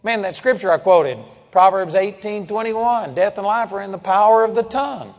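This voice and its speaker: A man preaching a sermon, emphatic, swinging between loud declarations and low, intense passages. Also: moderate pace, few pauses, long reverb tail.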